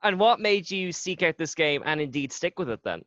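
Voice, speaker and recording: A man's voice: a little high, lively intonation, fairly quick, fairly bright tone, dry recording. Easygoing male host, dry dull sound. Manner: easygoing, amused, prompting questions. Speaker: podcast host, drama teacher. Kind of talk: casual interview chat.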